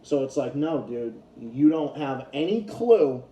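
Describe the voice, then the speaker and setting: A man's voice: medium pitch, expressive, a little slow, dark tone. Profane ranting man in an echoey room. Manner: profane, heated ranting with repeated restarts. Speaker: YouTube commentator. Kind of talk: ranting commentary vlog.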